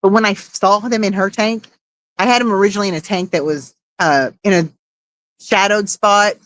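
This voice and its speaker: A woman's voice: mid-range voice, normal speed, fairly bright tone, no echo. Woman, casual livestream chat, laughs and swears, dry close mic. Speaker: livestream host.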